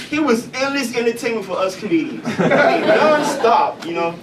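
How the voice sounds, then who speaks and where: A man from Chicago doing stand-up comedy in a coffee house, loose and profane with deadpan punchlines. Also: extremely high pitch, moderate pace, over a noisy crowd. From Chicago, USA. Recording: distant mic, noisy café room.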